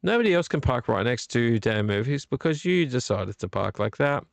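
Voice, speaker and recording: Gravelly, tipsy man ranting. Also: medium pitch, sing-song, normal speed, dry recording. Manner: rambling, blunt, swears freely. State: a bit tipsy from beer. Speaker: livestream host. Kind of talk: late-night live vlog chat.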